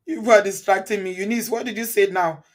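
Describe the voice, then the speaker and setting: A Nigerian woman hosting a live online show and reading her viewers' comments aloud. Her talk is chatty and loose, and she drops into Pidgin and Yoruba. She breaks into laughter often. Her voice sits at a middle pitch for a woman. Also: fairly even intonation, normal speed. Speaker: channel host.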